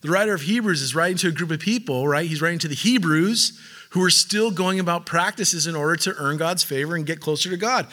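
A man's voice: fairly high pitch, fast talker, bright, forceful tone. A man preaching a sermon as pastor, talking in a conversational way with casual fillers and building to fervent emphasis.

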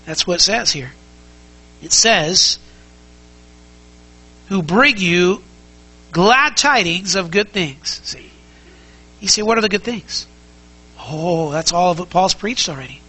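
A man's voice: high voice, lively intonation, takes it slowly, pauses often, sharp tone, slightly rough, rough recording. A man preaching a sermon as pastor, conversational and emphatic, asking the congregation many rhetorical questions and repeating key phrases.

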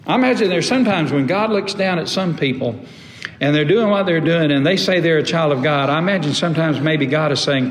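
A middle-aged man preaching a sermon as a pastor, emphatic, with long pauses and sudden drops to a low voice. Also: a little hiss or hum. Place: church sanctuary. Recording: echoey hall, faint room ambience.

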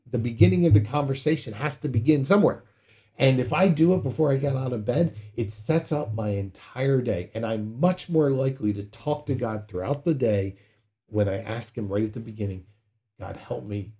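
A man's voice: medium pitch, normal speed, mellow. A man preaching a sermon in a conversational way, acting out prayers with sudden dramatic outbursts. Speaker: pastor.

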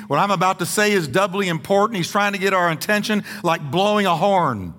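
Emphatic pastor preaching in a reverberant church. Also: male voice, a little high, moderate pace, bright, forceful tone. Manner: emphatic, playful preaching with dramatic repetition. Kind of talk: sermon. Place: church sanctuary.

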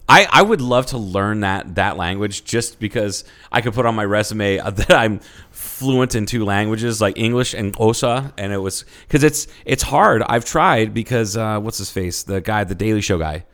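A man's voice: fairly low pitch, normal speed, a bit bright. A young man co-hosting a podcast, joking crudely and swearing in casual chat. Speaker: podcast co-host.

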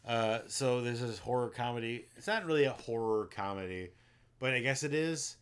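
An animated man with a smooth, mid-range voice speaks at normal speed while co-hosting a casual movie podcast. He retells plots at length in a rambling, filler-heavy way, leaning on ums and likes.

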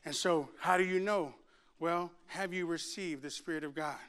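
A middle-aged man from Arkansas, preaching a sermon with animated delivery, shouting at peaks and laughing through asides. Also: on the high side, normal speed, clean tone.

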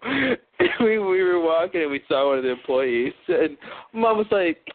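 A man's voice: a little high, big pitch swings, measured pace, pauses often. Joking man on a tinny line. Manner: joking, laughs often, tries accents. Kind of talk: casual chat. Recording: tinny phone-like sound.

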